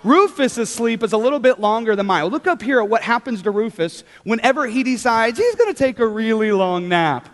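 A young man with a high, lively voice leads a children's sermon in a big church hall, upbeat and coaxing the kids to join in. His voice rings with a long reverb around the room. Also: a little fast, few pauses.

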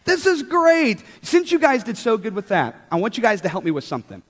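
A young man leading a children's church talk, upbeat and animated, coaxing the kids to join in. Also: high-pitched, a little fast. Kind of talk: children's sermon. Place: large church hall with children. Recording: hall reverb.

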